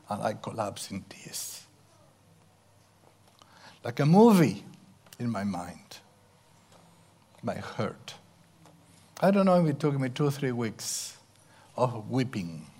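Middle-aged male preacher, slow and intimate, wide pitch swings, hushed asides. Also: animated. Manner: slow, intimate, drops to whispers for emphasis. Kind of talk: sermon.

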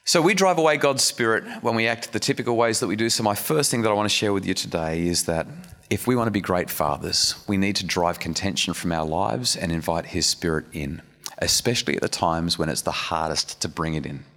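A man's voice: low-pitched, fairly quick, fairly bright tone. A man preaching a sermon in a church hall, earnest and conversational, with restarts and asides to the audience. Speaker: speaker giving a church message. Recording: long reverb of a hall.

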